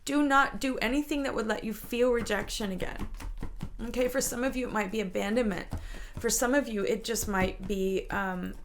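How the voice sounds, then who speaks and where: A woman, a mother, giving an intuitive spiritual guidance talk, confiding and emotional, often repeating herself and at times teary. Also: mid-range voice. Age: adult, a mother.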